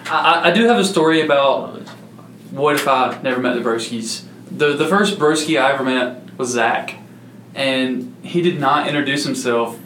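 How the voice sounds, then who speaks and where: A man's voice: medium pitch, normal speed, a bit bright. A man co-hosting a casual podcast, telling a story in a laid-back way with stammering restarts. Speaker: podcast co-host. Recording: echoey room with faint hum.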